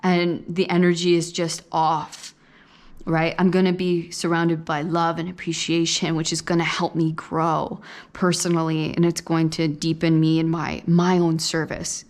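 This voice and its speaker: A woman giving a casual spoken tarot reading in a gentle, soothing way, often repeating words as she thinks. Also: low-pitched, completely flat delivery, a little slow. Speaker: tarot reader.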